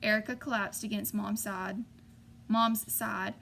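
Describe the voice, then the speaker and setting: A woman's voice: medium pitch, flat delivery, a little slow, creaky, fairly bright tone, a little hiss or hum. A woman narrating a novel in the first person, voicing the characters lightly. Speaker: audiobook reader.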